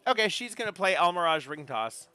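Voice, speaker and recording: A man's voice: high voice, very animated, brisk, over music. A man running a tabletop game as game master, chatty, checking rules aloud with stumbles.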